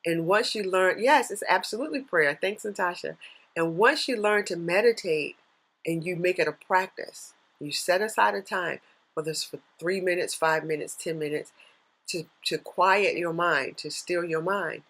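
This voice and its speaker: On a live stream, a life coach in her thirties speaks at a normal speed in a voice on the low side, her earnest, faith-based motivational message punctuated by bursts of excitement. The recording sounds rough.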